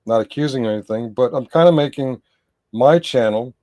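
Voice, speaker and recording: A man's voice: medium pitch, normal speed, a little mellow. A man commenting on a livestream in a casual, rambling way, often stopping to correct himself and address his chat.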